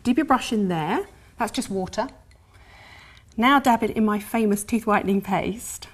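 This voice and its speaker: A British woman presenting a beauty segment on television in a studio kitchen, brisk, upbeat and instructive as she demonstrates a home recipe step by step. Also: medium pitch, husky.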